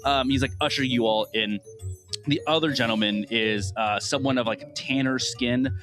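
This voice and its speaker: A man's voice: medium pitch, moderate pace, music in the background. A man narrating a tabletop game as game master, casual and rambling with many fillers.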